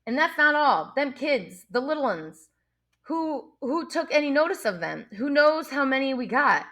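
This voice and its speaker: Reading aloud, a woman performs a full character voice pitched above her own: an indignant, anxious schoolboy breathlessly scolding the others. The voice is high, very animated and fairly bright, at normal speed.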